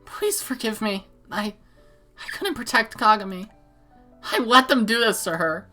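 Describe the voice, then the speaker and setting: A woman voicing a distraught teenage girl who pleads in a high, strained voice while reading visual novel dialogue. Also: expressive, a little slow, pushed and bright, soft background music. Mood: pleading.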